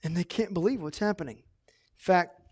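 A male pastor preaches with a lively, animated delivery, jumping from loud emphasis down to hushed asides. His voice sits high for a man. The sound is dry and close, with no room echo. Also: moderate pace, husky. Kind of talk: sermon.

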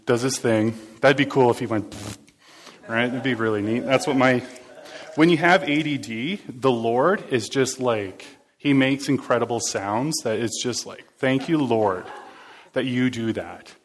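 A man's voice: mid-range voice, a little slow. A man preaching a casual, conversational sermon, joking and talking back and forth with his congregation. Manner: chatty, jokey, interacts with the congregation.

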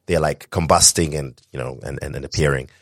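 A man co-hosting a casual podcast, talking with excitement and many restarts, from Zimbabwe. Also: very deep voice, a little fast, no room sound, clean studio sound. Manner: enthusiastic, rambling with restarts. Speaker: podcast co-host.

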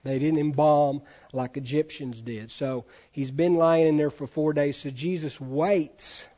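Guy preaching to his church, chatty, keeps asking the room stuff, warm mellow voice, muffled lo-fi sound. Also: on the high side, steady tone, measured pace. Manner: conversational, asks the congregation questions. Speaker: pastor. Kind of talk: sermon.

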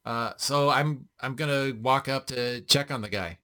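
A man's voice: mid-range voice, measured pace, sharp tone, clear, resonant tone. A man playing a tabletop game, describing his character's actions. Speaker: player. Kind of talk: tabletop role-play.

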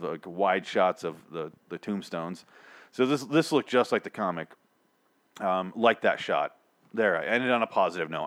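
A man's voice: fairly low pitch, fairly bright tone. A young man podcaster ranting in a casual, profane recap, rambling with many restarts.

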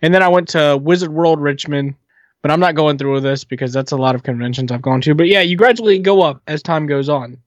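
A co-host chiming in during a relaxed podcast conversation, chatty and quick to interject. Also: medium pitch, dry recording, highs cut off. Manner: chatty, interjecting, swears casually. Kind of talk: casual chat.

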